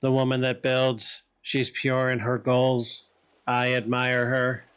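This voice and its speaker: A weary, disdainful ancient insect god from a video game speaks in a flat, unhurried voice, read aloud by a man. The tone stays smooth and clear, with pitch at an ordinary middle level. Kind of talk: reading a game character's lines aloud.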